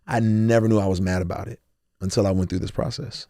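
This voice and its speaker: Earnest low-voiced man, dry close sound. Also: fairly even intonation, fast talker, warm tone, no room sound. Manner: earnest and emotional, quoting his own thoughts aloud; loose, repeating words and restarting phrases. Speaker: podcast guest, rapper. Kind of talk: candid interview talk.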